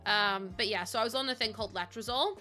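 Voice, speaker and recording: Bright-voiced young woman streaming. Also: medium pitch, fast, soft background music. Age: young adult. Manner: chatty and rambling, reacting to chat messages. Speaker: livestreamer. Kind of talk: casual livestream chat while playing a game.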